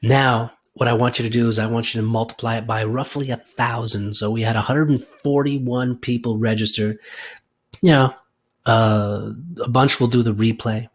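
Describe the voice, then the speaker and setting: A man hosting a live audio call, guiding listeners through a slow, soothing visualization and chatting casually. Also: mid-range voice, steady tone. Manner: slow, soothing, drawn-out guidance. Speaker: host leading a guided meditation.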